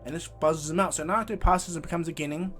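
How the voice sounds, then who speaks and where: A man's voice: a little high, steady tone, fast, fairly bright tone, faint music behind. Man rambling through a fan story. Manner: rambling with fillers and restarts. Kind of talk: casual retelling of a fan story.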